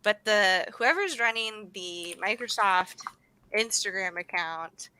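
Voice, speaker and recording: A young woman from the United States co-hosting a livestream, chatting in a bubbly, fast way with plenty of laughter. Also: mid-range voice, lively intonation, over a noisy crowd. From United States (grew up in Sacramento). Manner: bubbly, fast, laughing, says "oh my gosh" often. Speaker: livestream co-host. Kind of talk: casual chat.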